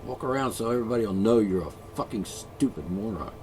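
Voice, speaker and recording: A man's voice: on the low side, expressive, fast, darkish tone, a little hiss or hum. Profane, sarcastic ranting man. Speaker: ranting vlogger. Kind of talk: angry solo rant.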